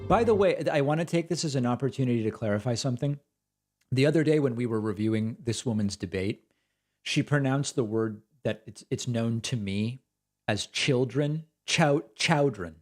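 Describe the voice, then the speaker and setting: A man's voice: mid-range voice, normal speed, darkish tone. A man hosting a political commentary stream, talking casually in a sardonic, mocking way.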